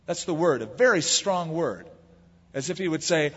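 A husky-voiced American man preaching a sermon, with a voice sitting a little high for a man. He tells the story conversationally and leans into the quoted lines. The recording is dull and lo-fi, with a long reverb trailing behind him. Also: sing-song, normal speed, a bit bright. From United States. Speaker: pastor.

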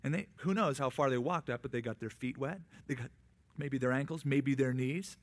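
A man preaching a sermon in a conversational way, with quick asides and acted-out quotes. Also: mid-range voice. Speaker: pastor.

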